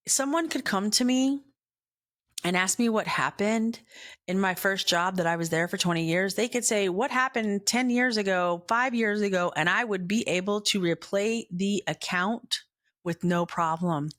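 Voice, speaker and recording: A woman's voice: medium pitch, measured pace, no room sound, clean studio sound. Middle-aged woman telling a rambling story. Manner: animated, rambling, acts out dialogue with whispered asides. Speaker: podcast host. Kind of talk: casual storytelling monologue.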